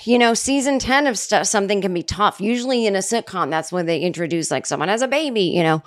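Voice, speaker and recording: A woman's voice: medium pitch, animated, fairly quick. Sarcastic rambling woman podcast host. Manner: sarcastic, rambling, self-deprecating asides. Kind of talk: solo comedic podcast monologue. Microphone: studio microphone.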